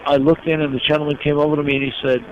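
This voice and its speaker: An older man from New York, a guest in an interview, telling his life story slowly and with emotion. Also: fairly high pitch, little pitch movement. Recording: dull lo-fi recording with noise.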